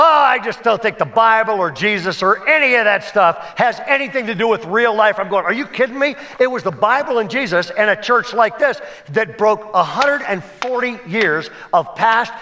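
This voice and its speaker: Pastor, man, animated storyteller, high bright voice. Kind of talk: sermon. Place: church sanctuary.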